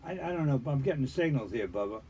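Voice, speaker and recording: A man's voice: mid-range voice, lively intonation, very fast, a loud crowd. An older man hosting a radio interview, throwing in jokey, teasing remarks. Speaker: radio host. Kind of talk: casual interview.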